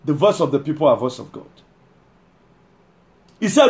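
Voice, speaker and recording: A man preaching a sermon, emphatic, repeating key lines and slowing down to read scripture. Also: high-pitched, very animated, darkish tone.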